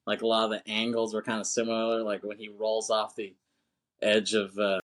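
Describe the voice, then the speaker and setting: A man's voice: fairly low pitch, completely flat delivery, moderate pace, fairly bright tone. A man co-hosting a podcast, casually retelling a film scene with swearing, laughter and acted-out lines. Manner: rambling, profane, laughing often, acts out film lines. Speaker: podcast co-host.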